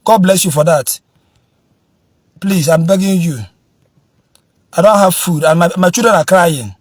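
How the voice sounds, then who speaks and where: A man's voice: high voice, a little slow, dry recording, studio quality. A man with a Nigerian Igbo accent, stammering and repeating himself as he pleads for help and then preaches. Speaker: social media speaker begging for help, then preaching.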